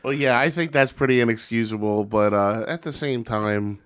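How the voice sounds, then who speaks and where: A man's voice: mid-range voice, moderate pace, a bit bright, clear, resonant tone. A man co-hosting a podcast who drops wry, joking asides in casual chat.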